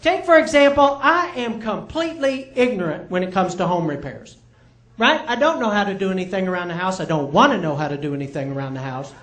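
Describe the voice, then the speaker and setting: A man's voice: high voice, expressive, fairly quick, a bit bright. A middle-aged man doing live stand-up, telling chatty, self-mocking stories and checking in with the crowd. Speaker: stand-up comedian. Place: comedy club stage with live audience. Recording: roomy live club sound.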